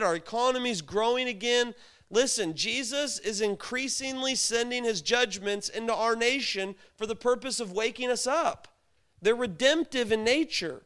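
A man's voice: extremely high pitch, a bit bright, clear, resonant tone. A man preaching a sermon, telling stories, acting out quoted voices and asking the listeners rhetorical questions.

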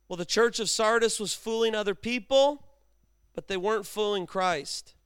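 A middle-aged man preaching in a casual, conversational way. His voice sits high and sounds clean and resonant. He often slips into acted-out dialogue and climbs higher to stress a point. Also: moderate pace, fairly bright tone, clean tone. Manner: conversational preaching, acts out dialogue, emphatic rises. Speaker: pastor. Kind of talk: sermon.

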